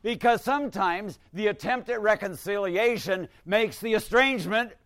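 An older male priest delivers a sermon with a slightly raised pitch. He talks to the congregation in a conversational, wry way, and he swings from emphatic bursts to hushed asides. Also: moderate pace, no room sound. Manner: conversational, wry, rises to emphatic bursts then drops quiet.

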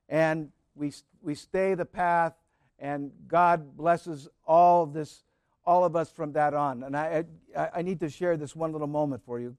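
A man preaching a sermon in a storytelling way, rising to fervent cries and then dropping soft. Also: a little high, no echo, clean studio sound. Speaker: pastor.

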